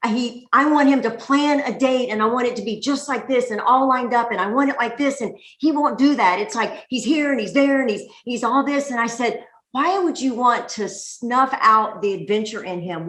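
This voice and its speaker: A middle-aged woman pastor tells a lively story from the pulpit, and her high, bright voice carries through an echoing church room. She laughs easily as she speaks to the congregation. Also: normal speed. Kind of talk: sermon-style storytelling. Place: church sanctuary.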